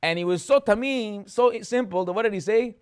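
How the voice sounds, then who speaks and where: A rabbi giving a chatty Torah class, telling the stories with animation, acting out the characters and asking rhetorical questions. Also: male voice, sits high, fast talker, smooth.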